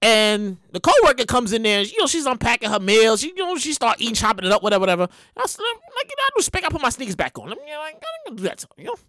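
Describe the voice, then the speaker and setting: A woman spins a loose comedic monologue in slangy, exclamation-packed talk. Her voice sits high and bright and leaps around in pitch. The recording is dry and close. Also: rapid-fire, hardly any pauses, dry recording. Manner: animated, slangy, rambling with exclamations. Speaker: comedic storyteller.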